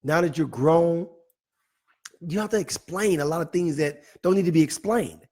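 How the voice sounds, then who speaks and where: A man hosting a live online talk show, playfully reading out viewer comments with animated, teasing asides. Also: a little high, moderate pace. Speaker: host.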